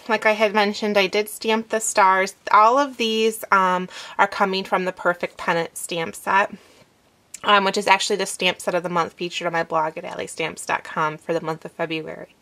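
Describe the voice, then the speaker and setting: A woman's voice: medium pitch, flat delivery, normal speed, pushed and bright. Woman walking through a craft project. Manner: instructive, fillers and step-by-step asides. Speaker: crafting tutorial host. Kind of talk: demonstration, talking while working.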